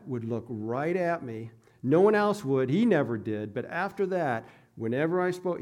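Male pastor, mellow voice, chatty storytelling sermon. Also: medium pitch. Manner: conversational, self-deprecating storytelling.

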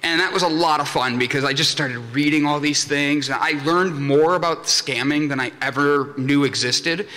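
A man's voice: a little high, normal speed, hardly any pauses, bright, forceful tone. A young man giving a comedic conference talk, telling anecdotes and acting out the voices in them. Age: young adult. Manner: jokey storyteller, acts out voices in anecdotes. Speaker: conference speaker. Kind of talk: comedic keynote talk to a live audience. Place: conference hall. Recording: long hall reverb from a conference room.

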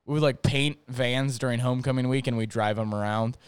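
A man's voice: mid-range voice, steady tone, fairly quick, clean tone, no echo. A young man from North Dakota, rambling through a profane, casual story on his own show, full of fillers and restarts. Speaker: podcast host.

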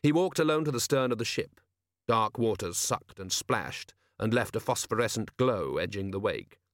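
Measured male audiobook narrator, dry sound. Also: on the low side, no room sound. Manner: even, measured reading. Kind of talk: scripted narration.

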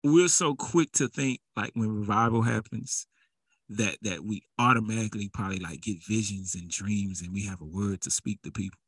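Fervent male preacher, bright close voice. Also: lowish voice, moderate pace, husky, no echo. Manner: conversational, rising to fervent exhortation. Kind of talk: sermon.

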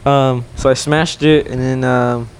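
A young man co-hosting a podcast, telling a story in casual chat, swearing and loudly acting out what people said. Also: mid-range voice, measured pace, clean tone. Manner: animated, swears a lot, acts out quotes loudly. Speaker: podcast co-host.

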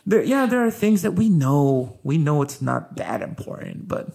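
A man hosting a relaxed podcast chats with his wife in a voice that sits on the high side and has a gravelly edge. He talks at a moderate pace in a loose, animated way, laughing often and using plenty of fillers.

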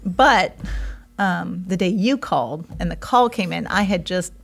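A woman's voice: lowish voice, animated, a little slow, vocal fry. A woman from Iowa chatting casually, telling a story with frequent giggles. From Iowa, United States. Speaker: co-host telling how the couple met. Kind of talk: casual chat.

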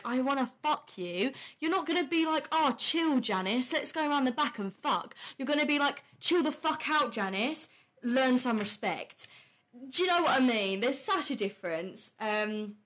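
A young woman hosting a podcast, talking casually and bluntly, swearing freely and laughing often. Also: a little high. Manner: quick, heated rants with animated quoted voices. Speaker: podcast host. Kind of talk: casual chat on a live stream.

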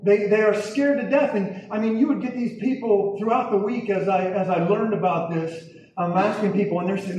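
A man's voice: high-pitched, normal speed, darkish tone. A man preaching and telling a testimony to a congregation, talking emphatically, repeating himself and checking in with "okay?". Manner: emphatic, repeats words, asks audience "okay?". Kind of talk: sermon testimony storytelling. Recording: echoey hall, distant mic, faint noise.

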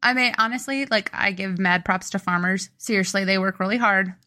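A woman's voice: mid-range voice, fairly quick, bright, forceful tone. A young woman co-hosting a podcast, rambling chattily through a story and poking fun at herself. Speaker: podcast co-host. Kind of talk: casual chat.

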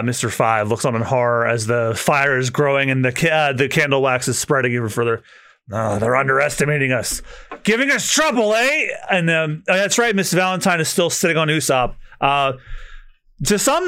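A man's voice: fairly high pitch, expressive, moderate pace, bright, forceful tone, clean tone, no room sound. A man co-hosting a podcast, casually recapping a comic with lots of laughter. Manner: laughs often, breaks into character voices. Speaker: podcast co-host.

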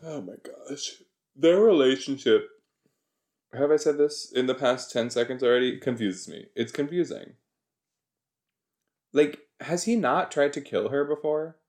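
The young man's voice runs on the high side with big swings in pitch, and he takes his time. As a podcast host reacting to a TV episode, he rambles, jokes and chats, often putting on silly voices.

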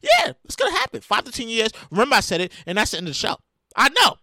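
A high-pitched man hosts a solo podcast into his microphone at home, swinging his voice wildly up and down as he rambles and bursts into shouts. His tone is bright and sharp, and the room sound is close and dry. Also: huge pitch swings, quick pace, dry recording. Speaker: podcast host.

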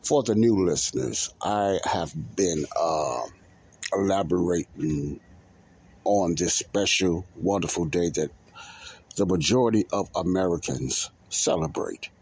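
A man hosting a religious podcast in a casual, rambling monologue. He repeats himself, leans on fillers like "uh" and "you know", and slows down to stress key words. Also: low-pitched, animated, a little mellow, slightly rough. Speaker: podcast host.

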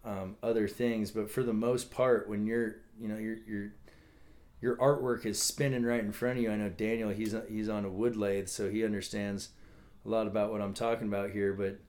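A man's voice: lowish voice, little pitch movement, normal speed, darkish tone. A man from California, a guest on a podcast, talking casually with many restarts and fillers. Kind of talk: casual chat.

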